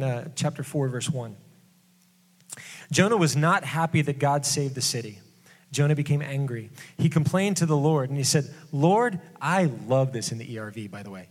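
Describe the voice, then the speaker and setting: A male pastor giving a casual sermon, conversational and jokey with quick asides. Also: on the high side. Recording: long hall reverb.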